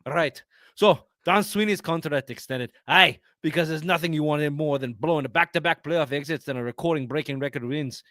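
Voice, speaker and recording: A man putting on a wobbly mock Scottish accent to voice a crude, foul-mouthed sports ranter in a loud comic rant. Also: fairly high pitch, a little fast, no room sound, clean studio sound, lightly acted. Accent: mock Scottish, drifting Irish and French.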